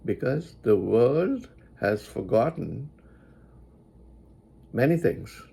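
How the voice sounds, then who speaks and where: A man giving moral advice in a reflective spoken monologue, deliberately repeating lines for emphasis. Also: medium pitch, sing-song, gravelly, mellow, husky.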